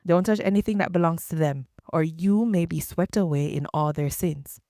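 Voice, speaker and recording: A woman reading the lines of an aging male prophet who gives his people stern, measured commands. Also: fairly low pitch, mellow, dry recording, clean studio sound, natural voice. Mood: commanding.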